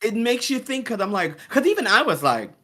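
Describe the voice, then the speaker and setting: A man's voice: very high voice, very animated, fairly quick, bright, forceful tone. A man in casual discussion, rambling and thinking aloud with lots of fillers. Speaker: discussion panelist. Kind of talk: casual chat.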